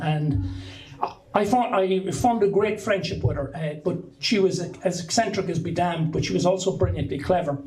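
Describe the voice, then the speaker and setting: A man's voice: fairly high pitch, darkish tone, slight background noise, poor audio. Irish man telling a rambling story. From Ireland. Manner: rambling, with many restarts and filler words. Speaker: speaker giving a talk to an audience. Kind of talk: storytelling talk to a live audience.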